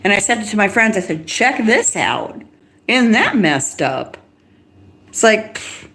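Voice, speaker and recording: A middle-aged woman rambles through a live stream, agitated and quick. She restarts her sentences and laughs between thoughts. Her voice sits at an ordinary pitch for a woman. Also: very animated, fairly bright tone. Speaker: livestreamer.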